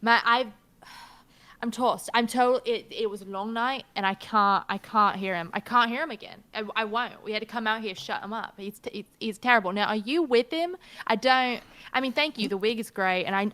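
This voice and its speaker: A woman's voice: on the high side, brisk, bright, forceful tone. A woman doing a brash, sassy mermaid with a drifting accent. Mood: exasperated. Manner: accent that drifts between British, Australian and American; brash, cursing, full of herself.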